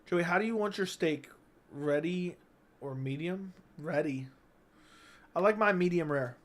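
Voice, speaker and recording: A man hosts a casual livestream from his home setup, reading out chat messages. He jokes crudely and needles his viewers, his voice sitting a bit high for a man. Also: a little slow. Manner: crude, joking, teasing chatters. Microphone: studio dynamic mic.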